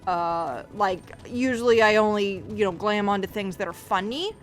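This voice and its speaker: A woman's voice: mid-range voice, normal speed, soft background music. A woman streaming a game, chatting casually to her viewers in a rambling, profane way, often restarting her sentences. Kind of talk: casual livestream chat while playing.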